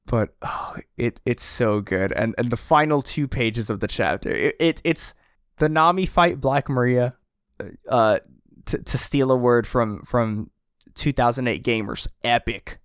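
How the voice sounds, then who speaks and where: A man co-hosting a casual podcast chat, excitable, laughing often and acting out quotes. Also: mid-range voice, unhurried, smooth, no echo, clean studio sound. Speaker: podcast co-host. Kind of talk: casual chat reviewing a chapter.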